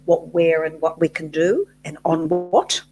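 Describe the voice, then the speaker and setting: A woman's voice: deep voice, fairly even intonation, unhurried, a little mellow, slight background noise. An Australian woman co-hosting a casual livestream chat, musing aloud and correcting herself as she talks. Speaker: co-host of a cruise chat livestream.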